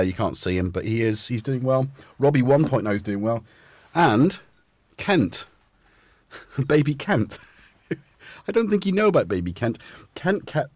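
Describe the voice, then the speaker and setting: Male streamer, low husky voice, very animated delivery, loose rambling chat with his pets. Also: no room sound. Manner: rambling, chatty, keeps talking to his cats. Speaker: livestream host. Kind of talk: casual live-stream chat. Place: home music studio.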